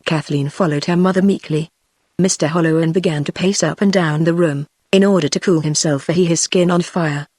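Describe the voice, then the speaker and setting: A text-to-speech woman's voice with a British English accent, reading an audiobook in an even, measured way. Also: lowish voice, no echo. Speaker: audiobook narrator. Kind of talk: synthetic audiobook narration.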